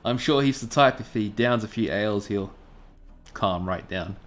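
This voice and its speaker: A man's voice: on the low side, normal speed, faint music behind, lightly acted. A man voicing a friendly, easygoing young male farmer who talks in a chatty, hospitable way. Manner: chatty, laid-back, hospitable.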